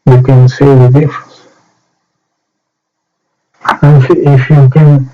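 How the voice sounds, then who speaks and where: Halting slow man. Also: mid-range voice, little pitch movement. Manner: halting, short phrases with pauses. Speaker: miniature painting hobbyist. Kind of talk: slow hands-on painting demo. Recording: dull lo-fi sound with soft music.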